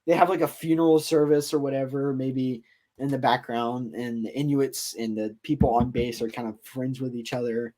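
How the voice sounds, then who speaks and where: A man's voice: mid-range voice, fairly even intonation, normal speed, warm tone. A man hosting a podcast, casually telling a story in a loose, rambling way full of fillers. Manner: rambling, filler-heavy retelling. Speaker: podcast host.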